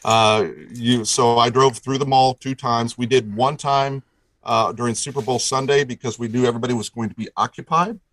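A man's voice: mid-range voice, steady tone, normal speed, a bit bright, dry recording, poor audio. A middle-aged man telling a long story as a guest, enthusiastic and rambling, restarting his sentences often. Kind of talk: casual storytelling chat.

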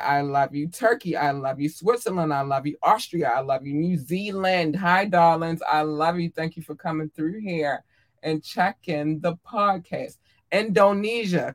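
A podcast host in casual solo chat, effusive and affectionate toward listeners, talking with frequent ums and little laughs. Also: mid-range voice. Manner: effusive and affectionate, calls listeners darlings and babies.

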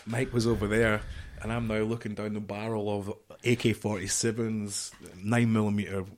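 A man's voice: lowish voice, level tone, normal speed. A middle-aged man telling a rambling, profane war story as a podcast guest, leaning on "you know" as he goes. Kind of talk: casual storytelling interview.

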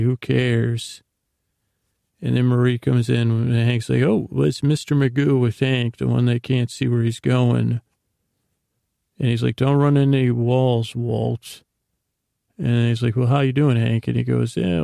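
Gravelly, low-key man recapping a show. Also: dark tone, no echo, studio quality. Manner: meandering, casual, many fillers and restarts. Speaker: sleep podcast host. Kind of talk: rambling bedtime recap.

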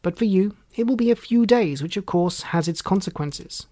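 A storyteller voicing a kindly old male elf elder who leads the elves, speaking slowly and patiently in a storybook read-aloud. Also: medium pitch, expressive, warm tone, close to an everyday voice. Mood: instructive. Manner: slow, measured, instructive.

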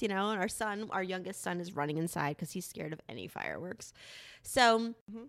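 A woman in her thirties, a podcast co-host, chats casually with her husband, telling an animated story full of swearing. Her voice is medium in pitch and a little fast.

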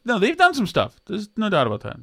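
A fast-talking man with vocal fry co-hosts a podcast, chatting casually in a joking, rambling way with lively pitch swings. The recording is studio quality with no echo.

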